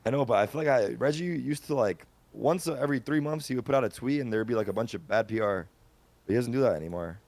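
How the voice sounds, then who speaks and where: A man's voice: mid-range voice, fast, darkish tone, dry recording. A man co-hosting a stream, joking around with playful mock threats. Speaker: streamer co-host. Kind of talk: casual stream chat.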